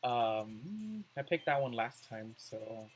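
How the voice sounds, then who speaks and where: A man's voice: medium pitch, big pitch swings, takes it slowly, poor audio. A man doing let's play commentary, reading on-screen words aloud and musing over his choices.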